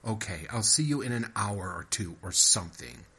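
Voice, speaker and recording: A man voicing a weary, skeptical man who grumbles dryly, close to his own low husky voice. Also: lively intonation, normal speed, sharp tone, exaggerated voice. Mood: doubtful. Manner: dry, doubtful, grumbling.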